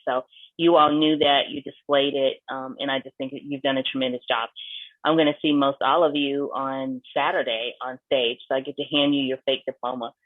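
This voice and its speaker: A man's voice: medium pitch, no room sound. Man praising students over a tinny call. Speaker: faculty member giving closing remarks. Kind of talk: congratulatory remarks on a video call. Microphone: video call. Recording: dry tinny call audio.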